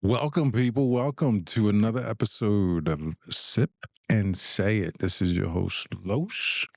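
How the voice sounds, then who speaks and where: A man's voice: on the low side, measured pace, vocal fry, no room sound. A man hosting a podcast in a casual, laid-back way, with loose filler words. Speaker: podcast host. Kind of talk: casual chat.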